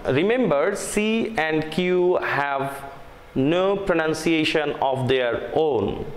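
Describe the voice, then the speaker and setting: A Bangladeshi-accented man, his voice sitting a little high, works through a phonetics lesson at a very slow, measured pace. He repeats each example word carefully. The recording rings with a roomy echo and a long reverb tail. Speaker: English teacher. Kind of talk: online class lecture on phonetics.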